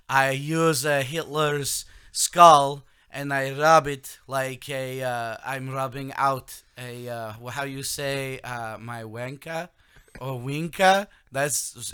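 A man putting on a clownish mock-Russian accent for a Russian man, speaking halting broken English a little off the mic. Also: medium pitch, steady tone, pushed and bright, clean tone. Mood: hammy.

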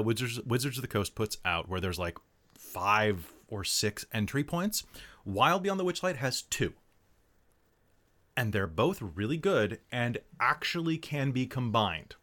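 A man acting as game master, chatting casually and explaining the game setup in an animated, excitable way. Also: mid-range voice. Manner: animated and excitable, quick asides.

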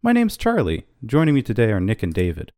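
A playful man hosts a casual podcast with friends, his pitch swinging widely as he jokes around. He talks into a dry, close microphone with no room sound. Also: huge pitch swings, brisk, warm tone, dry recording. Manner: playful, jokey, mock-welcoming. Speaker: podcast host.

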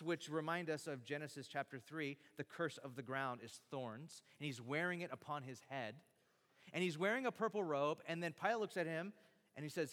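A man's voice: on the high side, fairly bright tone. A man preaching a sermon, dramatically acting out the lines he quotes. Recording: long hall reverb.

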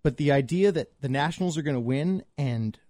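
Man, from Montreal, wry and teasing, casual sports talk co-host, a bit high-pitched, dry close mic. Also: animated, a little fast, mellow, dry recording. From Montreal, Canada. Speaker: podcast co-host.

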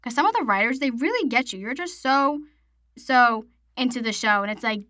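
A woman's voice: on the high side, fairly quick, bright, forceful tone, dry recording. Young woman, podcast host, chatty, rambling, dry close mic. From Massachusetts. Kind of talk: casual solo podcast chat.

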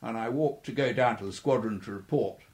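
A man's voice: mid-range voice, fairly quick, darkish tone. An older man, a former air force pilot, telling chuckling anecdotes in an interview and acting out the voices of the people in his stories. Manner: chuckling storyteller who acts out quoted voices. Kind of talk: anecdotal reminiscing.

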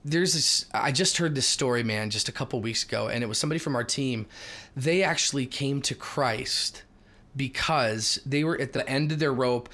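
A man co-hosting a casual faith podcast, telling lively stories and reading scripture aloud. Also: mid-range voice, normal speed. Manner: animated storyteller, reads scripture aloud. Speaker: co-host.

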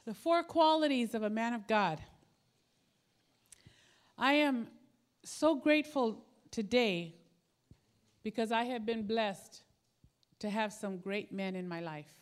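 A middle-aged woman, a pastor's wife, preaching a sermon in a warm, conversational storytelling way. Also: on the high side, slow pace, pauses often.

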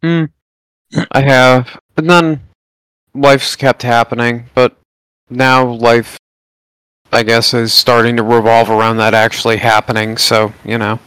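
A man's voice: mid-range voice, flat delivery, unhurried, long pauses, fairly bright tone, clear, resonant tone, no echo, poor audio. A man co-hosting a podcast, chatting casually in a laid-back way with some swearing. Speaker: podcast co-host. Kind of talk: casual chat.

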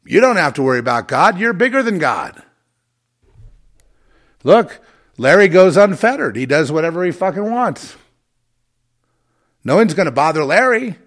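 A man's voice: sits high, sing-song, moderate pace, long pauses. A man hosting his own podcast, delivering an angry, profane and sarcastic solo rant. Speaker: podcast host.

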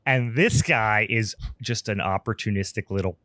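Low-voiced man ranting on a podcast. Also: normal speed, sharp tone, no room sound. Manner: rambling, profane, laughing rants. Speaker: podcast co-host. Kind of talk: casual podcast chat.

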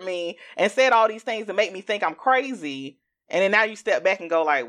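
A woman hosting a podcast in casual chat, animated and acting out what other people say. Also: moderate pace. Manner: animated, acts out quoted speech in jumps of pitch. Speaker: podcast host.

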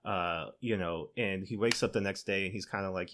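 A man's voice: sits low, moderate pace, background noise. Man casually recapping a movie, chuckling. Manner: laughs often while retelling, acts out quoted lines in his own voice; conversational, loose fillers like "you know" and "like". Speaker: podcast co-host.

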